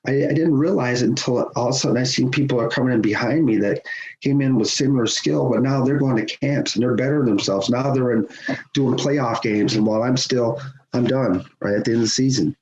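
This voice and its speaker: A middle-aged man, a guest on a podcast, telling a personal story in a lively conversational way, chuckling as he goes. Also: mid-range voice, brisk. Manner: animated, acts out quoted voices, chuckles often. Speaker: podcast guest, hockey official. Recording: roomy, dull sound with faint hiss.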